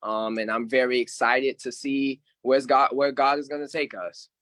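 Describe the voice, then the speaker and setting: Young guy from savannah, georgia, bright voice, dry close sound. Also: medium pitch, little pitch movement, normal speed, no room sound. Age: 20s. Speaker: panelist, entrepreneur.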